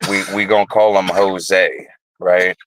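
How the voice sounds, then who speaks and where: A man's voice: low voice, level tone, a little slow, a little hiss or hum, poor audio. A man hosting a casual livestream, telling rambling, profane stories. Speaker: livestream host.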